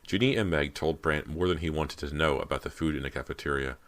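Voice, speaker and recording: Very deep-voiced male narrator. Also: fast talker, a bit bright. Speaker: audiobook narrator. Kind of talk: scripted narration.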